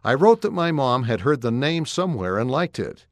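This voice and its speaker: A man's voice: mid-range voice, big pitch swings, moderate pace, dry recording, studio quality, close to an everyday voice. A man reading aloud and voicing a complaining, embarrassed young schoolboy with a whiny tone. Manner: whiny, groaning.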